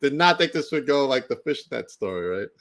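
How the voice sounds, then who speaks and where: A man hosting a podcast interview, relaxed and casual, often laughing and chiming in with quick affirmations. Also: medium pitch. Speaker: podcast host.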